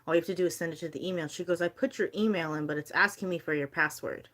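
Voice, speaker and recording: Chatty young woman with a lower voice. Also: fast talker. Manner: chatty and animated, with lots of "like" and quoted dialogue. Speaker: livestreamer selling handmade bracelets. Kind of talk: casual live-stream chat.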